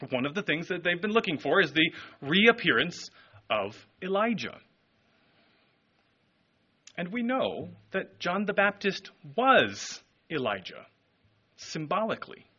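A man preaching a sermon, telling the story in an animated, expressive way. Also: high-pitched, measured pace, long pauses, breathy edge, highs cut off. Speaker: pastor.

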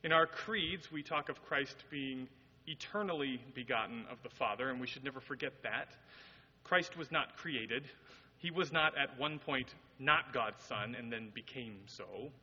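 A man's voice: medium pitch, measured pace, bright, forceful tone, breathy edge. Preaching man in a reverberant hall. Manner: earnest, explanatory, quotes scripture with rising emphasis. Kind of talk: sermon. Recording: dull audio with long hall reverb.

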